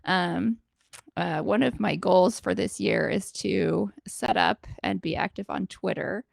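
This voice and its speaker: Woman with a strong vocal fry, chatting. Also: on the low side, unhurried, no room sound, studio quality. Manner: relaxed and chatty, many fillers and restarts. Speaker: podcast guest, positioning consultant. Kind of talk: casual interview chat.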